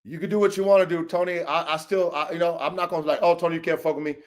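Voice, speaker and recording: A man with a notably high speaking voice delivers a heated, profane rant on his podcast. He talks in a confrontational way, circling back over the same points and calling people out by name. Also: steady tone, very fast. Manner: profane, confrontational, repetitive, calls out names. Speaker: podcast host.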